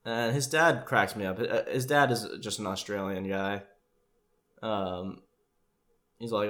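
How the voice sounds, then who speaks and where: Brief: male commentator, low voice, loose and sarcastic, casual reaction talk. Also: steady tone, measured pace, long pauses, bright, forceful tone. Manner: rambling, sarcastic, swears freely.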